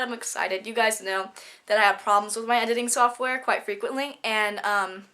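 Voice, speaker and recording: Bright-voiced teen girl vlogger, gushing and chatty, nasal from a cold. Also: fairly high pitch, fairly even intonation. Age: teens. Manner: bubbly, gushing, rapid chatter. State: stuffy from a cold. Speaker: student vlogger. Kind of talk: casual vlog chat.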